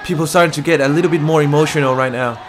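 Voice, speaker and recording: A man with a somewhat raised pitch talks a live audience through a tense scene, repeating what people nearby are shouting. His delivery is loose and full of fillers and restarts. A faint crowd can be heard in the background outdoors. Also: very fast, noisy background. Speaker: livestream commentator. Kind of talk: live commentary relaying crowd chants.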